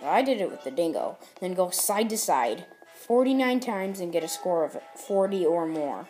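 Hosting a gameplay tutorial, a woman with a fairly low pitch and dark tone gives casual commentary, explaining each step as she rambles and corrects herself.

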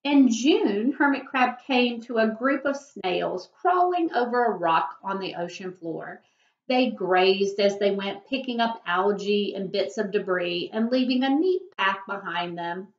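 A woman's voice: mid-range voice, unhurried. A woman teacher reading a picture book aloud expressively, now and then asking her listeners questions. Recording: echoey room, dull lo-fi.

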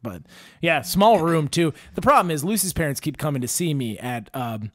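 Profane, animated young man telling stories. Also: fairly high pitch, normal speed, dry recording, clean studio sound. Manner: profane storyteller, animated and rambling. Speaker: podcast host and stand-up comedian. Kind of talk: casual chat.

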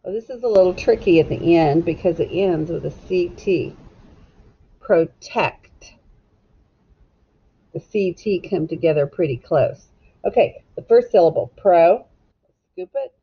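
A woman with a fairly low voice leads a children's phonics lesson, slowly sounding out syllables and spelling words letter by letter. She speaks gently and encouragingly to the young learners. The recording sounds dull and lo-fi. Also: slightly rough. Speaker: teacher.

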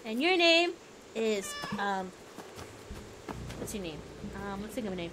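A woman's voice: medium pitch, big pitch swings, unhurried, noisy background. A young woman streaming a game live, chatting playfully in squeals and baby talk. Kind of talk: live gameplay commentary. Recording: game music behind.

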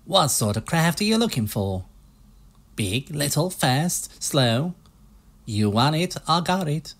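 A man voicing a pushy, fast-talking used-ship salesman with a put-on American salesman accent, reading game dialogue. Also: fairly high pitch, big pitch swings, voice pushed up, heavily acted. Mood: smooth salesy. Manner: slick, hard-selling patter.

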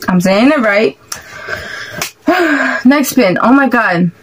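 A woman hosting a reaction video, talking in excitable, exclamatory bursts and swearing freely as she reacts. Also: fairly high pitch, slow pace, a little hiss or hum, rough recording. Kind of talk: casual reaction commentary.

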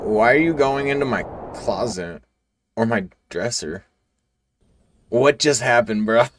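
A man's voice: mid-range voice, animated, unhurried, noisy background. A young man casually commenting and joking as he plays a short horror game. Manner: joking, casual, reacts aloud. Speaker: gaming video creator. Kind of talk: let's play commentary.

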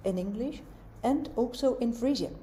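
A woman giving a university lecture, explaining in a measured way and asking rhetorical questions. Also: fairly high pitch, warm tone, slight background noise.

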